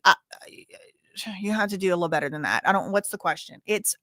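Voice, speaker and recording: A woman's voice: fairly low pitch, animated, quick pace, pauses often, a bit bright, no echo, studio quality. A woman hosting a livestream, answering chat questions in a sassy, blunt, casual way. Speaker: livestream host.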